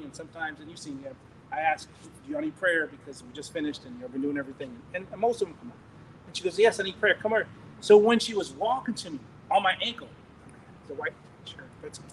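A man preaching, telling a testimony in an animated, rambling way with laughs and restarts. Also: sits high, a little hiss or hum, low-quality recording. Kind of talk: sermon testimony storytelling.

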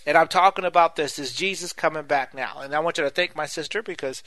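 Bright-voiced preacher man in a dry room. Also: fairly high pitch, quick pace, no room sound. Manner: earnest, repetitive, addresses listeners as "my friends". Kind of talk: sermon.

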